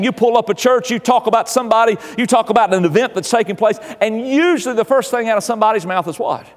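A man's voice: high voice, in a large hall. A male pastor preaching a sermon, emphatic and exhorting, repeating key phrases.

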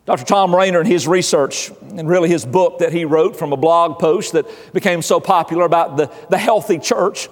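A man's voice: on the high side, brisk, hardly any pauses, long reverb tail. A male pastor delivering an earnest sermon in a church, often repeating his phrases. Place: church sanctuary.

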